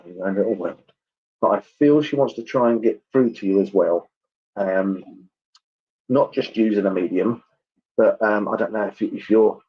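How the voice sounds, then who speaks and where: At a church service, a male spiritualist medium delivers a clairvoyant reading in a low voice with a husky edge. He rambles in a chatty, halting way, full of ums and asides, and the online stream comes across dull and lo-fi.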